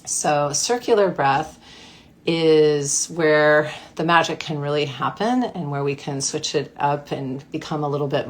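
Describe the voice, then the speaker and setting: A woman coach guiding a breathwork practice in a gentle, playful way. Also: sits low. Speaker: mindfulness coach. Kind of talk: guided breathwork instruction.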